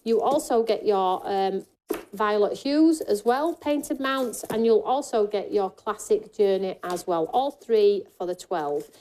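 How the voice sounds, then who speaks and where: Cheerful female host for a live shop-at-home craft segment, jokey and chatty, pitching offers. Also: unhurried, mellow, slight background noise. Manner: chatty, jokey, reads out viewer comments. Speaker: shopping show host. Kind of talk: live craft shopping presentation.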